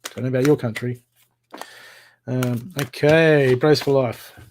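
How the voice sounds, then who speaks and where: A man's voice: medium pitch, steady tone, takes it slowly, background noise. A man doing live tarot card readings, talking in a casual, encouraging way and repeating himself as he gives pep talks. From Australia.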